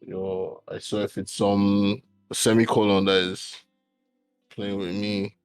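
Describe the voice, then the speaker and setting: A man's voice: on the low side, flat delivery, slow, smooth, dry recording, faint music behind. A young man with a Nigerian accent, learning to code from a friend live, casual and easily flustered. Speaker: coding student. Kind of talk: live-streamed coding lesson.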